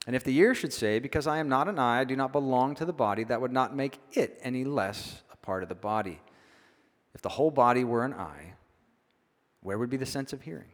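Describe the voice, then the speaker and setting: A man's voice: mid-range voice, animated, brisk. A man preaching a sermon in a church, conversational and often checking in with his listeners. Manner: conversational, keeps asking "right?". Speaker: pastor. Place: church sanctuary. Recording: long hall reverb.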